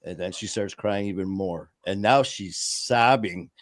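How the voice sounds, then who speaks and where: A man's voice: low-pitched, a little slow, no echo, studio quality. A man in casual podcast talk, earnestly telling a personal story.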